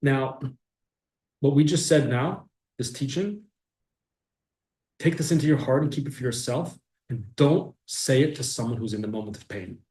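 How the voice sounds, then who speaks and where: A man teaching a class, acting out little scenes in an animated way. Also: medium pitch, normal speed, pauses often. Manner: animated, acts out scenes with shifts of voice. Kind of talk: lively class lecture with acted voices. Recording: echoey room.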